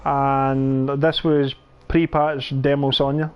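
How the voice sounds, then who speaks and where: A young man, telling animated stories and laughing in a casual gaming chat. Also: mid-range voice, slow pace, clean tone, muffled recording. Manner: animated storyteller, laughs mid-sentence, says "aye". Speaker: podcast co-host.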